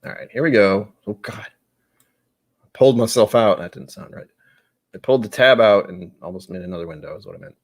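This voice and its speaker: A man's voice: lowish voice, a little fast. A man hosting a live stream in casual chat, rambling and self-mocking, with the odd casual swear. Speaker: livestream host.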